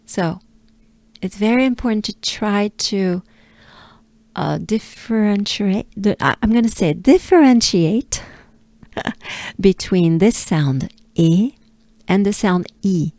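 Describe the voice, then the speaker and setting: A woman's voice: mid-range voice, animated, slow pace, pauses often, a little mellow, no room sound. A woman from France with a French accent giving a patient pronunciation lesson, repeating sounds and coaching breathing, sometimes dropping to a whisper. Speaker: pronunciation teacher.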